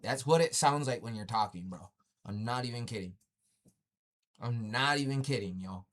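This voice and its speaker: A man's voice: medium pitch, animated, moderate pace, fairly bright tone. Brief: male livestream host, mocking tone, swears freely, laughs between jabs. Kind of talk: taunting livestream chat.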